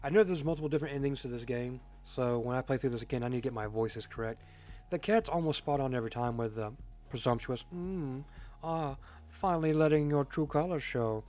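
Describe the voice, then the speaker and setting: A man's voice: medium pitch, fast, a little mellow, faint music behind. A man casually commenting on a game as a streamer, joking and reading chat aloud.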